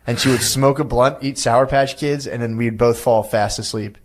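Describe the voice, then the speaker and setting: A man's voice: mid-range voice, steady tone, normal speed. A man on a podcast telling a crude story in a loose, rambling way, calling everyone "dude" as he goes. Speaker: podcast guest. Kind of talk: casual storytelling chat.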